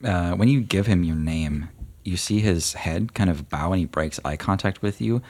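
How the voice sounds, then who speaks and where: Deep husky male game master. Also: moderate pace. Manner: relaxed narration with many fillers. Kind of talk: narrating a tabletop game.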